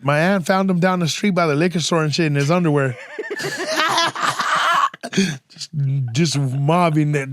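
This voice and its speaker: A man chatting casually on a podcast, telling stories in a slangy, profane, animated way. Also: a little high, a little slow, dry recording. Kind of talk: casual chat.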